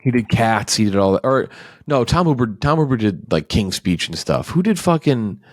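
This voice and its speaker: A man's voice: medium pitch, big pitch swings, normal speed, dry recording, studio quality. A man hosting a film podcast, rambling casually with many fillers, restarts and casual swearing. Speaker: podcast host. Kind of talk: casual chat.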